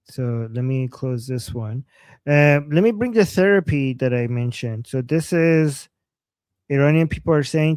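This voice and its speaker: A man co-hosting a casual livestream, talking in an animated way and often restarting his sentences. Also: mid-range voice, a little slow, smooth, no echo. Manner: animated, repeats himself, stumbles into restarts. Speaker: livestream co-host.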